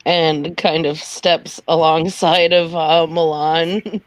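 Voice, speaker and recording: A player in a tabletop role-play game, narrating their character slowly with frequent laughs and fillers. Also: mid-range voice, steady tone, no room sound. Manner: giggly, slow with fillers.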